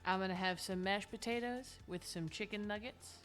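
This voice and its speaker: A woman's voice: medium pitch, normal speed, fairly bright tone, soft background music. A woman streaming a game, chatting casually and rambling through explanations with lots of fillers.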